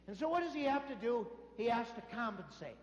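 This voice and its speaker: A man giving a sermon as a priest, telling stories in a lively way and acting out the voices of the people in them. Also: very high-pitched, brisk. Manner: animated storytelling, acting out voices in quotes. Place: church. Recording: echoey church hall.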